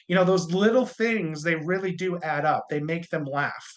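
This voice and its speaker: A man's voice: a little high, brisk, hardly any pauses. A man training insurance salespeople in a casual, conversational way, with a jokey touch of corny humor.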